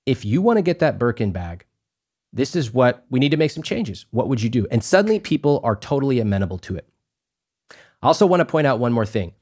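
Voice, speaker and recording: A man in a podcast interview, talking emphatically and acting out little exchanges, his voice climbing high when he stresses a point. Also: darkish tone. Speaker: guest, personal finance author.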